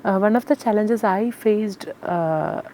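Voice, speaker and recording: A woman's voice: medium pitch, a little slow, dark tone, slight background noise. A woman from Kerala, a Carnatic singer answering interview questions in an earnest, explanatory way with many fillers. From Kerala, India.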